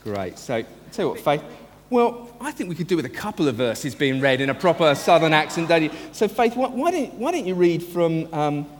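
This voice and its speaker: A pastor preaches in an earnest, emphatic manner, his voice high for a man and swinging widely in pitch. He slows down to lean on key phrases. A long church reverb and a faint hum of room ambience surround him. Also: very animated. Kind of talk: sermon.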